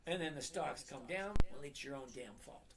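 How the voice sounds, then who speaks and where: A man's voice: fairly high pitch, crowd noise. Blunt middle-aged man lecturing viewers. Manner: blunt, emphatic, repeats points slowly. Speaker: trading live-stream host. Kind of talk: live-stream chat and lecture.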